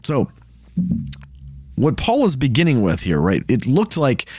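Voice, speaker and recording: A man's voice: medium pitch, big pitch swings, unhurried, darkish tone, no room sound, studio quality. A man hosting a casual Bible study podcast, reading scripture and explaining it in a folksy, chatty way, acting out quotes with a sarcastic edge.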